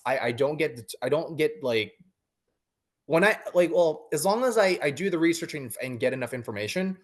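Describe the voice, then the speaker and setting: A man in his thirties, a coaching client, talking casually in an interview with many fillers and restarts. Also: medium pitch.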